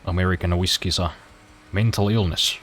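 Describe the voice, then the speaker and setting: A man's voice: low-pitched, steady tone, moderate pace, fairly bright tone. A man streaming a racing game, chatting casually with dry, self-deprecating humor and casual swearing. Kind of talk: casual gameplay commentary.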